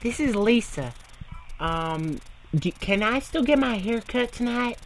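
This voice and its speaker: A man putting on a high girl voice to play a young woman caller on a prank phone call, pleading sweetly. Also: animated, measured pace, vocal fry, slight background noise, full character voice. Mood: wheedling. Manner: sweet, wheedling falsetto.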